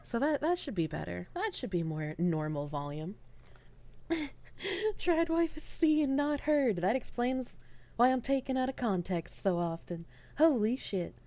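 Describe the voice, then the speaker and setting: A woman's voice: lowish voice, dark tone. A woman streaming live in casual, chatty talk with a groggy morning voice. She swears freely and laughs often. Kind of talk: casual livestream chat.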